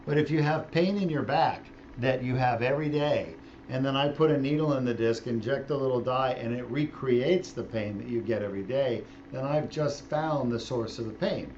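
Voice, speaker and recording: A man's voice: medium pitch, normal speed, darkish tone. Middle-aged man, spine surgeon, casual and joking, slightly dull operating-room audio, faint hum behind. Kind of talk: explaining while operating.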